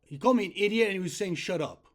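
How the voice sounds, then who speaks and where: Frustrated man, high-pitched voice, insistent, complaining to support, keeps asking right. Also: racing. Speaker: self-publishing author calling customer support. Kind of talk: complaint phone call.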